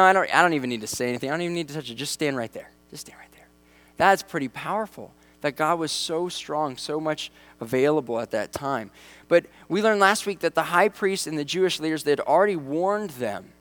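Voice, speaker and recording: A man's voice: on the high side, fairly bright tone. Conversational man preaching a sermon. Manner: conversational, acts out quoted voices. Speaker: pastor.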